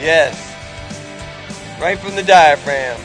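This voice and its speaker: A man co-hosting a show, shouting a sing-along and joking between lines, over loud music. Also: a little high, takes it slowly. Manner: shouty off-key singing, joking. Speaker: co-host.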